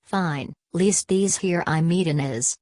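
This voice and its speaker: A woman's voice: on the low side, slow pace, darkish tone, dry recording. A woman voicing a defiant old man at a bar counter, speaking in a folksy, challenging drawl.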